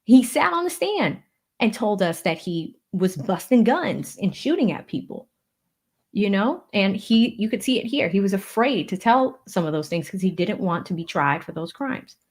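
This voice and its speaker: Brief: woman streamer from the Boston area, casual and gushing, rattles off shout-outs and thank-yous. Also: mid-range voice, big pitch swings, moderate pace, breathy edge. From Boston area, USA. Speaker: livestream host of a legal commentary channel. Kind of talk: casual livestream chat, reading viewer donations.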